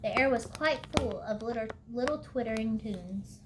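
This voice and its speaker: Library storytime reader, woman, unhurried read-aloud, fairly high voice. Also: background noise. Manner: unhurried, with small slips and throat-clearing.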